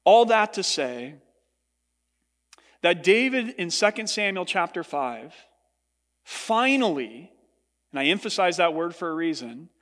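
A man preaching a sermon as pastor to his congregation, earnest, his voice lifting when he voices what others said. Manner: earnest preaching, rising in pitch for quoted speech. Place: large church hall. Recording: long hall reverb.

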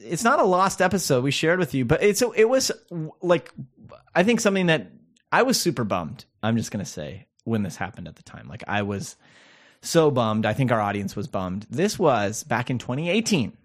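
A man's voice: mid-range voice, sing-song, normal speed. A man co-hosting a podcast, telling stories in a casual, rambling way with lots of fillers and laughs. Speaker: podcast co-host. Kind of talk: casual chat.

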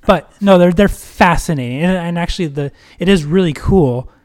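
A man speaks in a casual podcast conversation, his voice sitting a little higher than most men's. He talks earnestly and reflectively, building his points step by step. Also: moderate pace, darkish tone. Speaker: podcast co-host.

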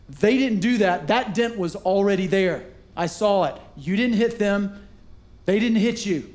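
A middle-aged man with a high-pitched voice preaches a sermon in a church sanctuary. He tells stories and acts out the voices of the people in them, speaking into a stage microphone. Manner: animated storytelling with acted-out voices. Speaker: pastor.

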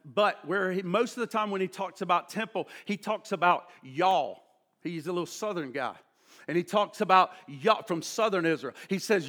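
High, bright-voiced preacher man. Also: animated, moderate pace. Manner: dynamic preaching, swings from loud emphatic to hushed. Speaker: pastor. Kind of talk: sermon.

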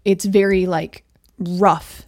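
A woman's voice: lowish voice, little pitch movement, slow pace, a crowd in the background. A woman takes part in a casual podcast about a film. Her comments are short and dry. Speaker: podcast co-host.

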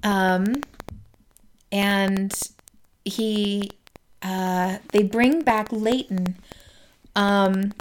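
A woman co-hosting a casual podcast, recapping a book chapter with lots of "um" and "like" and quoting the characters as she goes. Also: mid-range voice. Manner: retells scenes with acted quotes, many fillers.

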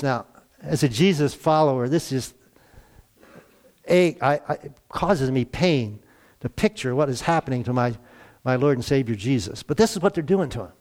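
A man's voice: mid-range voice, darkish tone. A man preaching a conversational sermon, retelling scripture and voicing the people in it.

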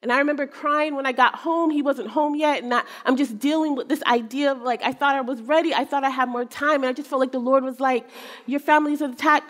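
A woman's voice: high voice, steady tone, fast, few pauses, a bit bright. A middle-aged woman giving a church talk, telling a personal story earnestly and acting out her son's words. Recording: long hall reverb.

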